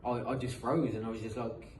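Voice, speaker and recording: A man's voice: medium pitch, steady tone, brisk, a little mellow, far from the mic. A man in his thirties with a British accent that has picked up some American sounds. He talks on a podcast about his playing career, rambling and repeating himself, with many ums and uhs. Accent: British English, mixed with some American. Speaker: guest, professional footballer. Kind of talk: casual podcast storytelling. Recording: echoey room, mic set back, faint noise.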